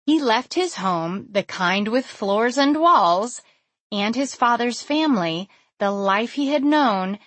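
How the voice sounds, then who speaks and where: Woman reading her own funny reflection, wry and self-mocking, slow pace, dry close sound. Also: fairly high pitch, animated, a bit bright, no room sound. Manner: wry, self-deprecating humor. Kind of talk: scripted personal reflection.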